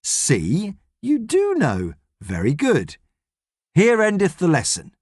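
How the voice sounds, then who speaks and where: A man voicing a gruff, grumpy middle-aged astronaut, stern and lecturing in an audiobook. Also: sits high, huge pitch swings, slow pace, a little mellow, no echo, studio quality, voice pushed up, heavily acted. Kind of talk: audiobook character reading.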